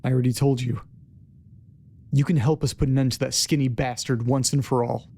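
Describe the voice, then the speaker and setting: A self-assured male demigod, cool and faintly amused, played by the male narrator. His voice is dark and gravelly, held flat and level as he drawls his lines. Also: mid-range voice. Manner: smug, unhurried, drawling. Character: smirking, calm male demigod, Firebrand.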